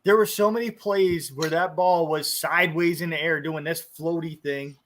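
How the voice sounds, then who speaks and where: A man's voice: on the high side, steady tone, moderate pace, fairly bright tone. A man co-hosting a college football podcast, arguing his picks in casual sports chat. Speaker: podcast co-host.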